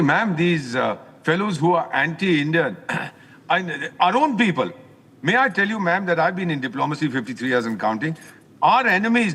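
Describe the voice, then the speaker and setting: Older man, forceful indignant diplomat, slightly high voice, long reverb on the line. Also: slightly rough. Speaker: former ambassador. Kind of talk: live news commentary by phone. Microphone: phone while driving.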